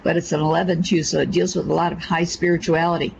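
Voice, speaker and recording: A man's voice: fairly high pitch, flat delivery, fast, creaky. A man co-hosting an interview, asking curious, thoughtful questions. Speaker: co-host. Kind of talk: casual interview. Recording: dull lo-fi with faint noise.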